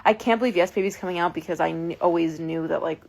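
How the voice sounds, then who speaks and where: Her voice is lowish, gravelly, and a bit dark, and she talks fast. She's a woman in her twenties going live from her phone for a casual chat with fans, emotional and full of fillers and false starts.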